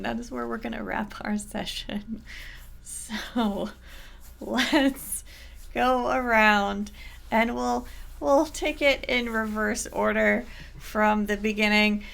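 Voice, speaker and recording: A woman acting as game master, wrapping up an online tabletop session in a relaxed, gently amused way. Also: medium pitch, vocal fry.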